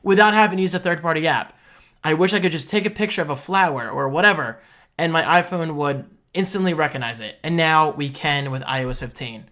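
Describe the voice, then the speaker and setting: Excitable man reacting to tech news. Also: on the high side, fairly quick. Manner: excitable, gets loud and heated. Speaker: tech vlogger. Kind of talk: casual reaction vlog.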